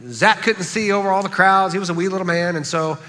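A pastor preaching a sermon in a church, animated and acting out the voices of the people he quotes. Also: sits high, fast, long reverb tail. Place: church sanctuary.

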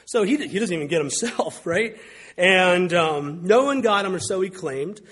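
A man delivers a sermon in a relaxed, conversational way, slipping wry anecdotes into his teaching. His voice sits a little high for a man. It has a husky, breathy edge. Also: normal speed. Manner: conversational, wry storytelling with mimicked quotes. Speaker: pastor.

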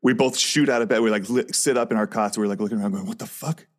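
A man co-hosting a comedy podcast, telling casual, rambling stories with animated retelling and plenty of swearing. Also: on the low side, racing. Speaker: podcast co-host.

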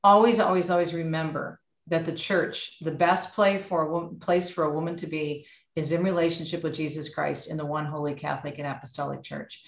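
A woman's voice: low voice, fairly quick, gravelly, few pauses. Outspoken woman with roomy echo. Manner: outspoken, animated storyteller. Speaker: radio host and author, guest. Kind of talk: casual faith chat.

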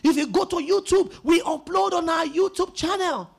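A pastor preaching a sermon in an emphatic style, repeating key words and rising into shouts. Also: male voice, very high-pitched, normal speed, creaky.

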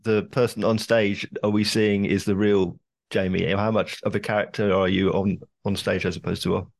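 A man's voice: lowish voice, flat delivery, normal speed, creaky. A man hosting a podcast, asking questions and laughing along with his guest. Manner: laughs often, short encouraging interjections. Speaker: podcast host. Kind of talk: interviewing.

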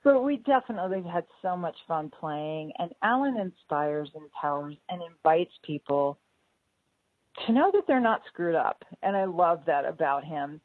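A woman's voice: on the low side, animated, moderate pace, no room sound. A woman hosting a casual interview over a call, gushing and laughing often. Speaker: podcast host. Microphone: call audio. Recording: tinny call line, dry.

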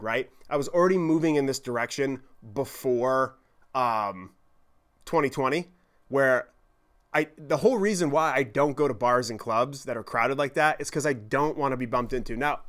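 A man telling a story in a podcast monologue, animated, profane and self-deprecating. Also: mid-range voice, moderate pace. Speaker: podcast host.

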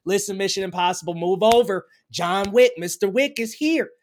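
A man's voice: high-pitched, moderate pace, a little hiss or hum. A man co-hosting a casual film review chat, talking enthusiastically and emphatically. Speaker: podcast co-host.

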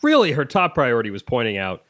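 Podcast host, animated intonation, teasing and supportive with the guest. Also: mid-range voice, no room sound, clean studio sound. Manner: playful, encouraging, quick to laugh. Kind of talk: casual interview chat.

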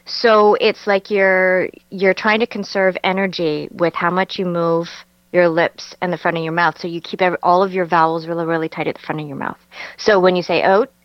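A woman's voice: on the low side, level tone, a little fast, no echo, lo-fi sound. A woman with a Canadian accent, a voice actress chatting as an interview guest, laughing often and telling stories with animation. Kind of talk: casual interview chat.

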